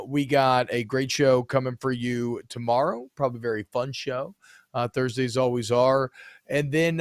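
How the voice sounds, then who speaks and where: A young man co-hosting a podcast in easygoing, joking chat, dropping swear words freely. His voice sits at an ordinary middle pitch. The recording is close and dry, with no room echo. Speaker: podcast co-host. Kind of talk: casual chat.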